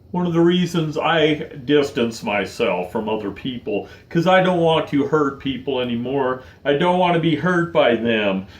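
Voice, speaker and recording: A man in his forties, choked up and close to tears, speaking slowly and haltingly in a heartfelt personal vlog. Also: fairly high pitch, roomy sound. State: choked up, tearful. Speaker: vlogger.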